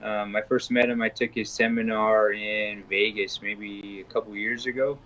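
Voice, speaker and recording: A man answering interview questions in an easygoing, unhurried way, often repeating words while he thinks. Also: fairly low pitch, level tone, fairly bright tone, dull audio, a little hiss or hum. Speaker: interview guest, grappling competitor and instructor. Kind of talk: casual interview chat.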